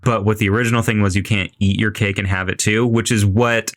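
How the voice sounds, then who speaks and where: A man's voice: on the low side, steady tone, brisk. A man co-hosting a casual podcast chat, blunt and profane, with hesitant fillers. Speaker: podcast co-host.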